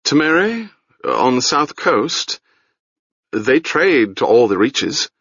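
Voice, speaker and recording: A man's voice: mid-range voice, big pitch swings, takes it slowly, fairly bright tone, breathy edge, no room sound, lo-fi sound, pitched above the performer's own voice, heavily acted. A man voicing an earnest, somewhat hesitant young prince in a storybook reading.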